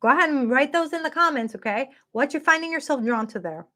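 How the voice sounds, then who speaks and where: A woman's voice: high voice, lively intonation, fast talker, pushed and bright. A woman giving a live-streamed tarot reading in a chatty, upbeat way, talking straight to her viewers. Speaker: tarot card reader.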